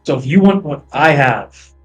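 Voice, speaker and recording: A man's voice: on the high side, expressive, moderate pace, slightly rough, highs cut off, faint music behind. A man voicing a big, blunt hooved warrior in a tabletop game, bargaining insistently. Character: brash young half-giant man with hooves.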